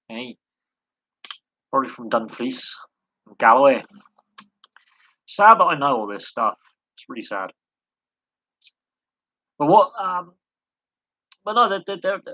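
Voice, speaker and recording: A man's voice: mid-range voice, pushed and bright, no echo, dull audio. A man hosting a casual live Q&A stream, rambling through tangents and poking fun at himself. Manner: self-mocking, chuckles at himself. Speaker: live stream host answering chat.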